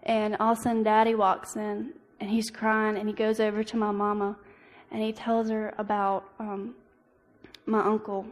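A young woman shares a personal testimony in an earnest, halting way, full of ums and restarts. Her voice stays fairly level, with little rise and fall. Her words ring on in a hall with a long reverb. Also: mid-range voice, monotone. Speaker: speaker giving a church devotional.

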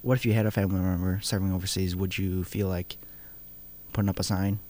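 A man with a somewhat low voice hosts a relaxed news chat. He reads stories aloud, stumbling now and then with fillers and restarts. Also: fast. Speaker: news show host.

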